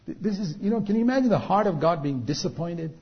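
A man delivering a sermon in a slightly raised voice, his delivery swelling to loud, stretched-out emphasis at key points. The recording sounds dull and lo-fi. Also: high-pitched, animated. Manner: rises to loud, drawn-out emphasis on quoted rebukes. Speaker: preacher.

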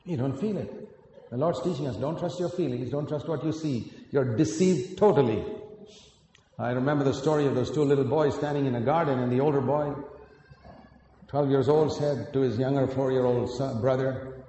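A man preaching a sermon with earnest storytelling, climbing to emphatic peaks and then dropping quiet. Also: mid-range voice, normal speed, slight background noise. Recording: echoey hall, picked up from a distance.

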